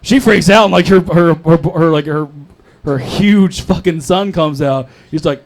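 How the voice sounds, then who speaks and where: A man's voice: fairly high pitch, measured pace, vocal fry. A young man doing a crude, rambling open mic stand-up set on a comedy club stage, talking into a handheld mic.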